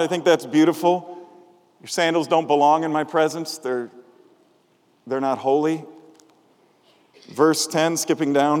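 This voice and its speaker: A male pastor with a high voice preaches casually, with humour and questions put to his listeners. His words ring out with the long reverb of a large hall. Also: steady tone, unhurried, long pauses. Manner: conversational, humorous, asks the congregation questions. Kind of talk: sermon.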